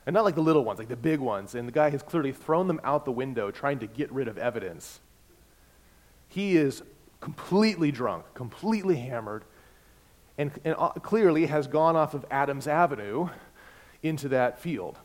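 A man, a pastor, preaching a sermon in a conversational storytelling manner, swinging between loud and soft. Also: medium pitch, lively intonation, moderate pace. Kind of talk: sermon with personal anecdote.

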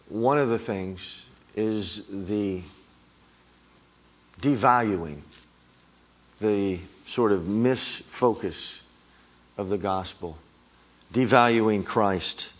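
Slow, low-voiced man preaching. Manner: emphatic, rising on repeated words. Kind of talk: sermon.

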